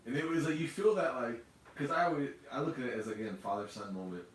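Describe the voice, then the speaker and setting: A man in casual chat, relaxed, laughing along and trailing off mid-thought. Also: medium pitch, fast. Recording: echoey room, far from the mic, faint noise.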